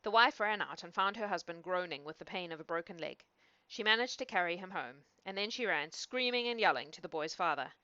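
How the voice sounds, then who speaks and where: A woman reading a fairy tale aloud in a lively, expressive way. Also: on the low side, brisk, no echo. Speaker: storyteller. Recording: dull, dry lo-fi recording.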